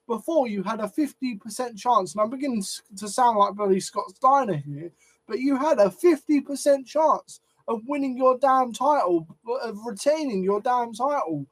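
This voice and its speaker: A man's voice: very high voice, expressive, moderate pace, breathy edge. A man giving a ranting, sweary opinion on wrestling, getting flustered and repeating himself as he goes. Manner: flustered, sweary, repeats words when annoyed. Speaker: wrestling commentary channel host.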